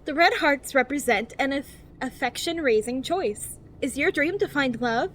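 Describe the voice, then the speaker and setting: A woman's voice: high-pitched, animated, normal speed, fairly bright tone, slight background noise. A woman streamer reading game text aloud in a cheery infomercial-style voice and giggling often.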